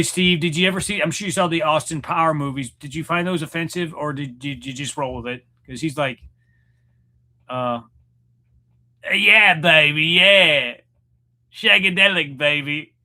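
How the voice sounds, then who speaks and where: Rambling, bright-voiced man in his forties. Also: fairly high pitch, moderate pace. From Missouri, USA. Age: 40s. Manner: rambling, self-deprecating, joking. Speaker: livestream host chatting with viewers. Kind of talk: casual livestream chat. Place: room at home, in front of a mirror.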